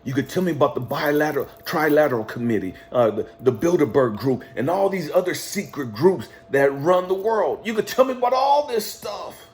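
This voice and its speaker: In a motivational monologue, a man retells a dialogue, voicing a stern male God who questions him, probing and mocking at first, then scolding and swearing. His voice is a little high and expressive, lightly acted, at normal speed with hardly any pauses.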